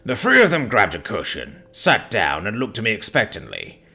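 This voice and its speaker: A man's voice: on the low side, wildly swooping pitch, moderate pace, bright, forceful tone, slightly rough. A man narrating a fantasy story in the first person as an orc chief.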